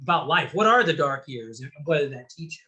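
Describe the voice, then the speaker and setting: Bright-voiced male interviewer asking halting questions. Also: on the high side, animated, highs cut off. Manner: halting, restarts his questions.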